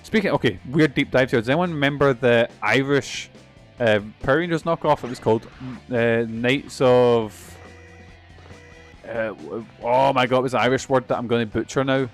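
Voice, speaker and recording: A man's voice: medium pitch, normal speed, faint music behind. A young man streaming a video game, rambling and swearing often in casual, self-mocking chatter. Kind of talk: casual let's-play commentary.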